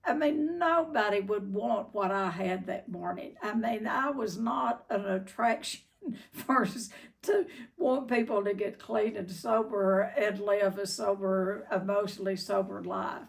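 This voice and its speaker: A woman's voice: mid-range voice, measured pace, creaky, far from the mic. An older woman who owns a treatment center, telling a candid personal story in a folksy way, with frequent fillers.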